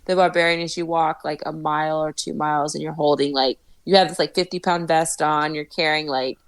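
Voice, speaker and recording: A woman as a podcast guest in casual chat, telling animated stories, swearing freely and laughing often. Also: deep voice, a little fast, clean tone, dry recording.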